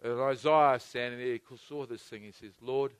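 A man preaching an impassioned sermon, surging loud at times and calling the congregation to repeat after him. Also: medium pitch, fairly even intonation, moderate pace, clean tone, dry recording.

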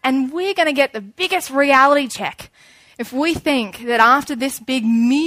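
Animated young woman preaching. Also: high-pitched, moderate pace, no room sound. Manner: chatty and animated, acting out little scenes. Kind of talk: informal sermon.

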